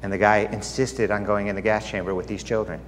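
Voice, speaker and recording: A man's voice: on the low side, level tone, brisk, a little hiss or hum. A man preaching as a pastor, earnest and confiding as he tells a personal story within a sermon. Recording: long hall reverb, faint ambience.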